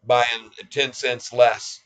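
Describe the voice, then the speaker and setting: A man's voice: medium pitch, flat delivery, drawn-out words, fairly bright tone, clear, resonant tone, poor audio. A man in his sixties giving casual stock market commentary in a folksy, cocky, self-mocking way. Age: 60s. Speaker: stock trading vlogger.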